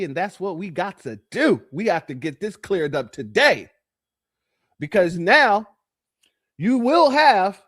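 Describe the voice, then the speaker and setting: A man hosting a commentary show, reacting to played clips in an animated, preachy and mocking way. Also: high voice.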